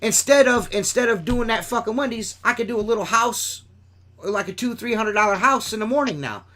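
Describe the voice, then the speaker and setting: A man's voice: sits high, fairly quick, sharp tone. A man hosting a podcast, chatting casually, laughing often and swearing constantly as he rambles. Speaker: podcast host. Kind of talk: casual profane chat.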